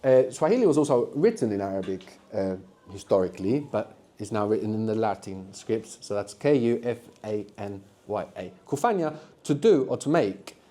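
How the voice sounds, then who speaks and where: A man's voice: fairly low pitch, very animated, normal speed, hardly any pauses, warm tone. A man teaching a live beginners' language workshop to students in a classroom, patient and encouraging, explaining step by step. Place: university classroom.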